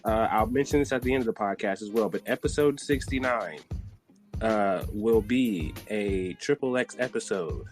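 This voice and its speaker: A man hosting a podcast from a studio, talking loud and hyped in casual chat and swearing freely. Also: fairly low pitch, moderate pace, soft background music. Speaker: podcast host. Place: recording studio.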